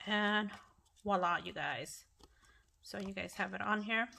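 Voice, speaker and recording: A woman's voice: medium pitch, a little slow, creaky, pushed and bright, slight background noise. A middle-aged woman hosting a casual craft tutorial at home, chatty and apologetic, often restarting her sentences. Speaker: craft channel host.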